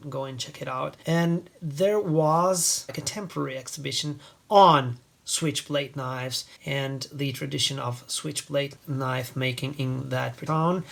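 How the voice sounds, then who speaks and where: A man's voice: mid-range voice, gravelly, fairly bright tone. A man from Italy, hosting a casual product review in a wry, rambling, digressive way. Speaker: host.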